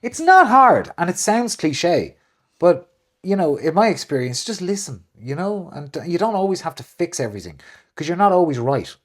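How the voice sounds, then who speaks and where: A man co-hosting a casual chat, talking animatedly and jumping into big high voices when he quotes people. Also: big pitch swings, moderate pace. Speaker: co-host.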